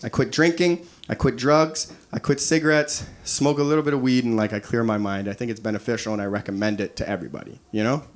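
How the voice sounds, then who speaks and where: A man in his thirties performing a crude, animated stand-up comedy set on a club stage, acting out quoted voices. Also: mid-range voice, quick pace, hardly any pauses. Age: 30s. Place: comedy club stage before a laughing audience.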